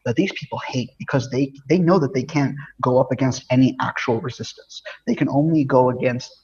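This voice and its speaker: A man's voice: mid-range voice, fairly quick, darkish tone, husky, muffled recording. A man co-hosting a casual podcast chat, talking emphatically and repeating words as he builds his point. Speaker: podcast co-host.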